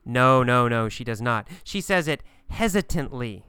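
A man teaching an English pronunciation lesson, asking and answering his own questions deliberately. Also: medium pitch, expressive, pushed and bright, clean tone, no room sound, studio quality. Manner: slow, deliberate, repetitive questioning.

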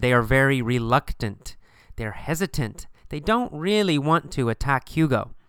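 Slow, bright-voiced man teaching by questions. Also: a little high, clean tone, dry recording, clean studio sound. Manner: asks and answers his own questions, repetitive, emphatic. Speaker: English teacher. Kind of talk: question-and-answer story lesson.

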